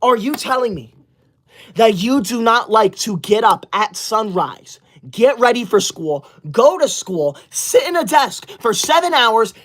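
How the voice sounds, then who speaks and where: A performer plays a self-righteous young livestreamer who loves school, scolding the chat with sudden, indignant shouts into a close mic. The mid-range voice is very animated but keeps a measured pace, all part of a comedy sketch livestream.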